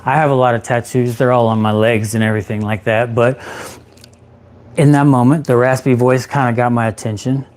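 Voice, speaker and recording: A man's voice: mid-range voice, a little fast. Man telling a personal recovery story. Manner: animated storytelling, acts out his own past voice. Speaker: peer support specialist.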